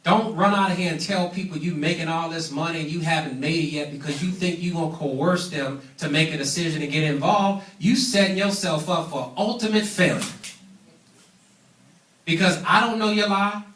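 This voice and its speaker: Emphatic high-voiced man in echoey room. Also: normal speed, a bit bright. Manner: emphatic, preachy, calls for audience responses. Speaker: business trainer. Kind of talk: seminar training talk. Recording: echoey room, mic at a distance.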